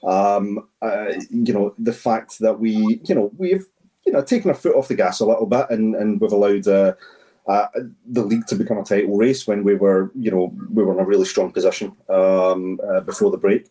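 A man talking in a measured, halting way with many fillers on a podcast. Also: on the low side, steady tone, mellow, recorded from a distance, poor audio. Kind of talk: casual chat.

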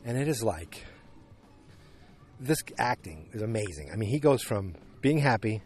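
A man's voice: on the low side, very animated, normal speed, a little mellow, faint music behind. A man casually recapping a TV episode, rambling with lots of fillers and restarts. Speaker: show recapper. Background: dogs barking.

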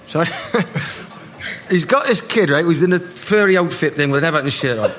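A man, telling lively football stories to a live audience and acting out the voices. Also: a little high, moderate pace. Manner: animated anecdotes, acting out voices, laughing. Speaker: guest, former footballer. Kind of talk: live storytelling on stage. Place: live party event. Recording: noisy live room.

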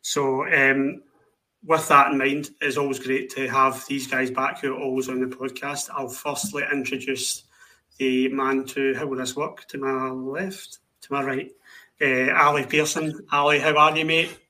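A man's voice: mid-range voice, little pitch movement, a little slow, sharp tone, poor audio. A man hosting a football podcast, chatting casually and teasing his guests. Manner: joking, teasing banter. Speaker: podcast host.

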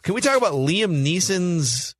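A man's voice: high voice, very animated, moderate pace, dry recording. Man leading a dry, close movie chat. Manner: leads the talk, reads notes, quizzes co-hosts. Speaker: podcast host. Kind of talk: casual movie discussion.

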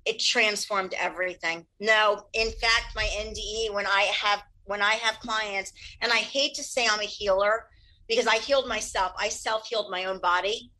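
Animated woman healer, quick candid delivery, ringing bright tone. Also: mid-range voice, poor audio. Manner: fast, animated, laughs often. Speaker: Reiki practitioner. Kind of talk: candid interview answers.

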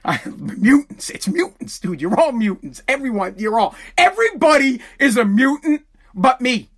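Host, woman, high voice; profane, stammering comedic rant. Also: sing-song, normal speed. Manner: heated, profane, stammering restarts.

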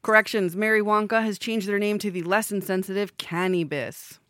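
A woman from the New York area with a slight lisp co-hosts a podcast, rambling wryly through stories and swearing in casual chat. She speaks at a moderate pace in a medium-pitched, a bit bright voice with fairly even intonation, recorded cleanly in a studio with no room sound.

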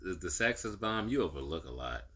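A man with a lowish voice that swings widely in pitch banters on a podcast. His tone is bright and forceful, and he keeps slipping into playful mock voices for a laugh. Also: breathy edge. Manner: animated joking banter, slips into quick mock voices. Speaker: podcast co-host. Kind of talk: casual podcast chat.

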